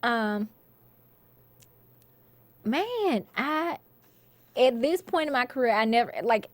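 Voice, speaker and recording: A woman, an actress, being interviewed and telling lively stories about her work, laughing often and acting out quotes. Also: a little high, slow pace, no echo. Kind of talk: casual interview storytelling.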